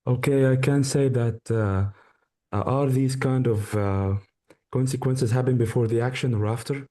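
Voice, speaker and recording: A man taking part in an online teaching class, giving a hesitant answer with pauses. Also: mid-range voice, fairly even intonation, warm tone. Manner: hesitant, halting with fillers. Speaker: workshop participant.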